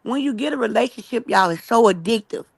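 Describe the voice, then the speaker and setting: A woman with a gravelly, slightly high voice pours out an earnest religious testimony at a fast pace. She keeps checking in with her listeners as she goes. Her voice sounds dry and close. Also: animated, no echo. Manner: fast and emphatic, keeps asking "right?" and calling "y'all". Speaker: guest telling her story. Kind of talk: rambling personal testimony.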